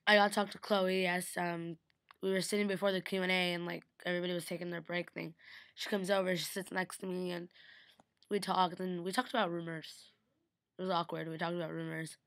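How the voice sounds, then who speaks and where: A young woman vlogs about her weekend in a chatty, gushing way, stringing thoughts together with plenty of "like". Her voice sits low with a gravelly fry, and the sound is close and dry, with no room around it. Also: level tone, a little fast, fairly bright tone, dry recording. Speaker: vlogger. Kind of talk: casual vlog recap.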